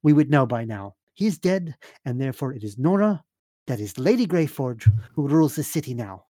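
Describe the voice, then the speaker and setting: A man's voice: mid-range voice, sing-song, fairly quick, mellow, no room sound, clean studio sound. Man voicing a stern woman temple leader. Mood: grave. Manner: formal, commanding.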